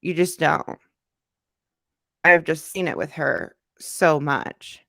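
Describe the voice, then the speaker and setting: A woman's voice: deep voice, steady tone, slow, creaky, a bit bright, dry recording, studio quality. A woman hosting a casual livestream and reading out chat comments. She is congested from a cold and talks in a loose, repetitive way with many fillers. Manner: conversational, repeats herself, many fillers.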